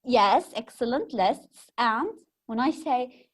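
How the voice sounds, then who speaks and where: A woman's voice: on the high side, expressive, normal speed. A young woman with an Egyptian accent giving a classroom lecture, patiently explaining terms and quizzing her students. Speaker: teacher.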